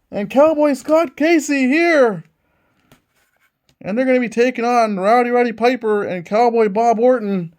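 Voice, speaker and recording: A man hosting a tabletop wrestling game and calling it like a ring announcer. He narrates every move as it happens, with plenty of excitement. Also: high-pitched. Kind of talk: wrestling play-by-play commentary.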